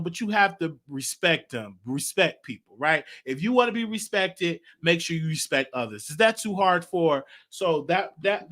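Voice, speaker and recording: A young man with a Southern US accent hosts his own commentary show, his voice bright and sitting a little high. He speaks earnestly and from the heart, repeating phrases as he works through a point. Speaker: show host. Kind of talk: solo commentary vlog.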